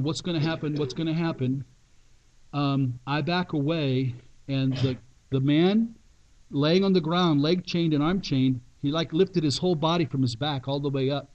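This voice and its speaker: A male pastor telling a dramatic story in a sermon, emphatic and with long pauses. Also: on the high side, darkish tone, lo-fi sound.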